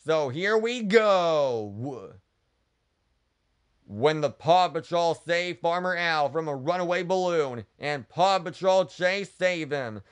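A man retelling a cartoon story for kids as a channel host, stringing events together with "and then" in a halting way. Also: fairly high pitch, clean tone.

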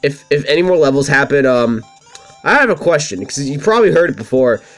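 A man's voice: mid-range voice, sing-song, brisk, a bit bright, faint music behind. A young man hosting a let's play, rambling casually, swearing often and laughing at himself. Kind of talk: casual gameplay commentary.

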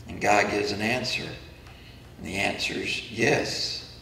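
Pastor, male, earnest preacher with a bright tone; roomy church sound, faint hiss. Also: medium pitch, moderate pace, gravelly. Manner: earnest preaching, voices the questions of the faithful. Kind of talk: sermon. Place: church sanctuary. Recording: echoey church room from far off.

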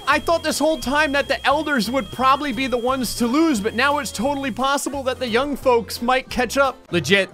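Excitable high-voiced gaming commentator man. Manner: excitable, exclamatory, laughs often. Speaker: gaming YouTuber. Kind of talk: let's-play commentary.

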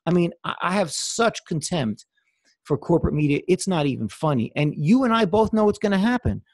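A man's voice: fairly high pitch, big pitch swings, fairly quick, no room sound. A man hosting an interview, ranting in a scornful, emphatic way. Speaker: interviewer, channel host. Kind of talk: casual interview chat.

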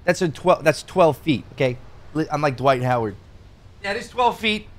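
Male streamer, cocky and jokey, winded from jumping, slightly high voice. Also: big pitch swings, moderate pace. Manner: boastful and joking, talking straight to chat; jumping around while talking, breathless at times. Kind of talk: casual live-stream game commentary.

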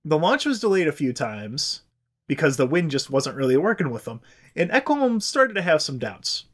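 Guy podcast host, fairly high voice, cussing and joking through a history story. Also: sing-song, moderate pace, a bit bright. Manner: irreverent, swears freely, does silly voices. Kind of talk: casual comedic storytelling.

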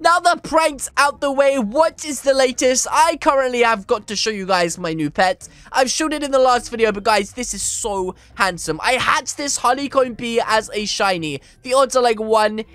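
A man hosting energetic gameplay commentary, excitable and reading chat aloud, with "flipping" in place of swear words. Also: very high-pitched, moderate pace, hardly any pauses, clean tone, no room sound. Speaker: gaming channel host.

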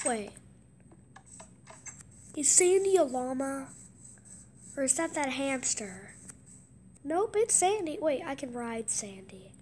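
An excitable woman casually commentating a game, gasping with surprise and slipping into hushed asides. Her voice is high, and she talks at an unhurried pace. There is a faint noise underneath. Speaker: gameplay commentator.

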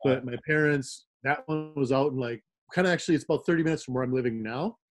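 A middle-aged Midwestern man, a rave promoter appearing as a guest, rambles through stories in casual chat, laughing often and full of fillers. He has a medium-pitched voice and talks fast.

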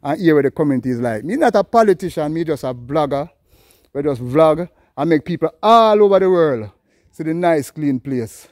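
A Jamaican man with a somewhat high-pitched voice rambles in easygoing patois while walking an outdoor road. He talks straight to his viewers and calls out greetings to people he passes. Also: animated, normal speed, darkish tone, dry recording, clean studio sound. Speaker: vlogger. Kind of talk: casual walking vlog chat.

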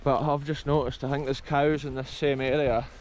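Hiking a windswept rural hill, a Scottish vlogger known for exploring abandoned places talks keenly to his "folks" in a casual walking video. His pitch is medium with little movement, the pace normal, and the tone a little mellow, though the recording is rough.

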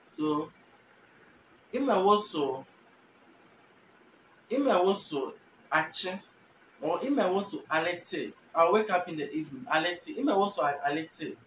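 A Ghanaian man teaching a language lesson, repeating each phrase slowly and translating it patiently. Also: high-pitched, animated, a bit bright. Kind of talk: relaxed spoken language lesson. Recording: roomy, distant mic with faint noise.

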